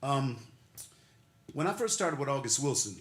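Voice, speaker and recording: An older man with a medium-pitched, very animated voice speaks at normal speed, giving a heartfelt, emotional awards acceptance speech. He laughs as he goes and builds his argument through repeated, preacherly phrases. The setting is a ceremony hall, recorded with echo and faint noise.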